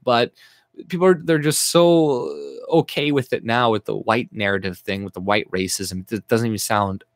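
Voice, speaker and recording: A Canadian man vents in an angry reaction rant, swearing freely and mocking what he reads. His voice sits at an ordinary middle pitch. It is recorded close and dry, with no room sound. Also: moderate pace, no room sound. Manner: profane, sarcastic, mocking. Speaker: YouTuber.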